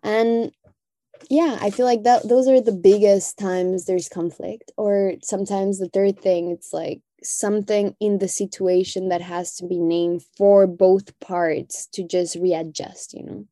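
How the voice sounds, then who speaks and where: A woman's voice: mid-range voice, fairly even intonation, unhurried, dark tone, no echo. A woman talking as a podcast guest, reflective and heartfelt, often adding "you know". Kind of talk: reflective conversation.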